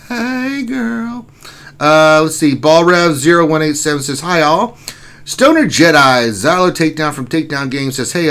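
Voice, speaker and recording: A man's voice: medium pitch, a bit bright. Chatty man greeting his stream chat. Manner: chatty, reads viewer messages aloud and greets each by name. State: sore back and allergies. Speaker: stream host reading chat. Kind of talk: casual live-stream chat.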